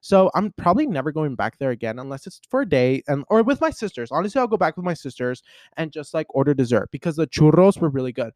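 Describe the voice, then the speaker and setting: A young man vlogging in a casual chat to camera, telling stories in a chatty, animated way with lots of fillers. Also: a little high, fast, dry recording, studio quality. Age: young adult.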